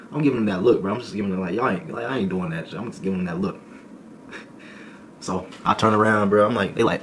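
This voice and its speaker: A young man streaming a comic storytime, animated and full of slang, laughing and repeating lines for effect. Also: lowish voice, fast talker, a little hiss or hum. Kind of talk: comedic storytime.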